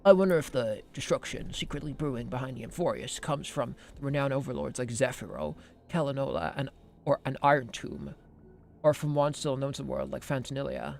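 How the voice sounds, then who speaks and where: A man voicing an earnest young adventurer in a steady game dub. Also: medium pitch, fairly quick, gravelly, lightly acted.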